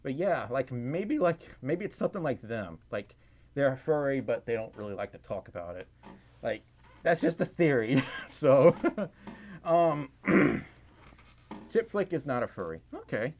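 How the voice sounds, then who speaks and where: A man's voice: medium pitch, very animated, a little slow, darkish tone. A man casually reading and answering viewer chat on a livestream, giggling and rambling with lots of fillers. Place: indoors at home, in a fursuit.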